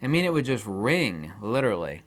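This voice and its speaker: A man's voice: mid-range voice, sing-song, a little fast. A man hosting his own channel, talking in a rambling casual monologue, often laughing and acting out imagined exchanges. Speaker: YouTube channel host.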